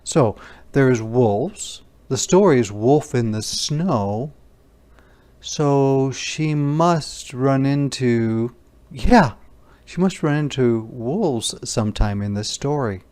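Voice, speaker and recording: A man teacher reading a picture book aloud to young children, slow and gentle, asking them questions as he goes. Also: mid-range voice, lively intonation. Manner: slow, gentle, asks the listener questions, voices animal sounds.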